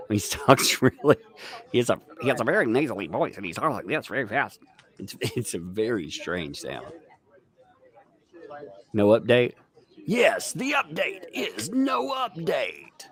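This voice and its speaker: A man's voice: medium pitch, moderate pace. A man hosting a live stream, joking and commentating casually while reading viewer messages aloud. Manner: joking, animated, reads chat aloud. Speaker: livestream host.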